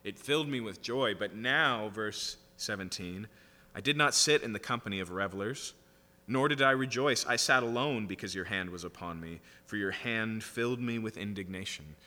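A man's voice: lowish voice, moderate pace, sharp tone, in a large hall. A man preaching a sermon, reading scripture aloud and explaining it in a conversational way with frequent "right?" asides. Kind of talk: sermon, Bible teaching.

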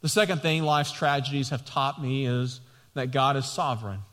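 A male pastor preaching a sermon, building to emphatic, repeated cries and then dropping back to calm teaching. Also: mid-range voice, normal speed, in a large hall. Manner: preaching with rising, emphatic passion and repetition.

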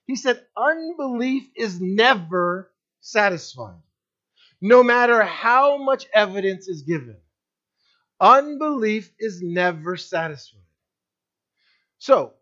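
A man's voice: high-pitched, fairly bright tone, highs cut off. A man preaching a sermon as pastor, speaking to his congregation and acting out the voices in the story.

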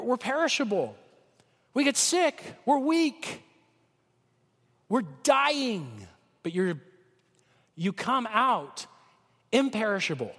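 A man preaching a sermon with a cold, talking conversationally and swinging from loud peaks to soft lows. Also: long reverb tail. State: has a cold. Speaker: pastor.

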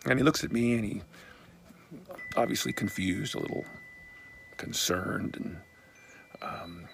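Gravelly low-voiced man, casual pastor. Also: measured pace, long pauses, noisy background. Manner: relaxed, conversational, blunt, with frequent fillers. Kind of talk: casual personal storytelling.

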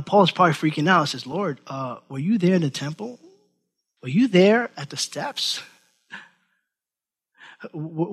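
A man preaches with a fairly high voice. He is animated and acts out the people he quotes, often repeating words as he goes. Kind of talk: sermon.

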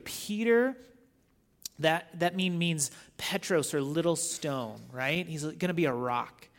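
A man giving a sermon as guest teacher, reading scripture and retelling stories in a conversational, animated way. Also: high voice.

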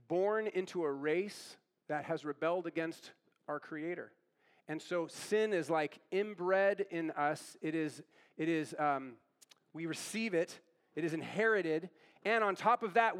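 A man pastor preaching a sermon with earnest emphasis and repeated phrases. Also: high voice.

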